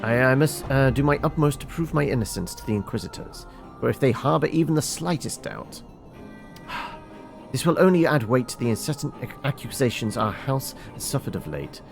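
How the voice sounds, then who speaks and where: A man reading as a proud young nobleman in a fantasy game, anxious and wronged, speaking in lofty, formal phrases. The voice swings lively in pitch, with soft music behind. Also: normal speed, gravelly. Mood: indignant. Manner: formal, lofty diction with stumbles.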